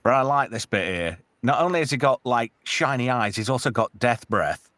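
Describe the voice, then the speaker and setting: A man hosting a casual movie podcast, lively and quick to laugh. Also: mid-range voice, dry recording. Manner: animated, laughs often, does mock voices of characters. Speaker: podcast host.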